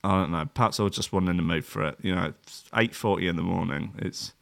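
A man's voice: sits low, quick pace, creaky, a bit bright, no echo. A man hosting a casual livestream as a DJ, rambling and joking with lots of fillers. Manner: rambling, jokey, filler-heavy. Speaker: livestream DJ host. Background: faint music.

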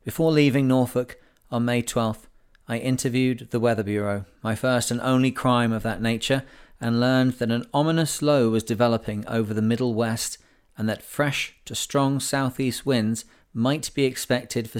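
Casting: a male narrator, clear and resonant, mid-pitched, with calm, measured storytelling delivery. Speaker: audiobook narrator. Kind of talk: audiobook reading of a classic sailing memoir.

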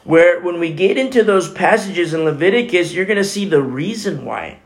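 A man's voice: high voice, expressive, moderate pace, background noise. A man preaching a Bible teaching sermon as a pastor, talking conversationally with frequent "you know" asides.

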